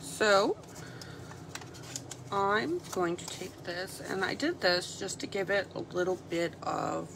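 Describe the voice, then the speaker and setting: A woman's voice: fairly low pitch, slow pace, creaky, noisy background. A woman demonstrating a stamping craft project, chatting casually and a little self-deprecatingly as she works at her craft table. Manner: chatty, self-deprecating, thinking aloud while working. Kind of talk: casual how-to commentary while crafting.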